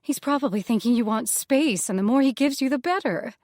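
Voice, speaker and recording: A woman voicing a brash, shameless young female nymph in an audiobook, pleading in quick, self-reproaching outbursts. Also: a little high, a little mellow, dry recording, clean studio sound, pitched above the performer's own voice, natural voice. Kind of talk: audiobook character voice.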